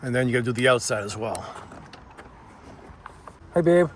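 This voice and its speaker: A man with a thick Boston accent talks through a do-it-yourself repair in a loose, conversational way. He cracks jokes as he works, and his voice sits at an ordinary middle pitch. A faint hiss runs behind him. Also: steady tone, racing. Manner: chatty, joking asides. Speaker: DIY tutorial host. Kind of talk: casual how-to walkthrough.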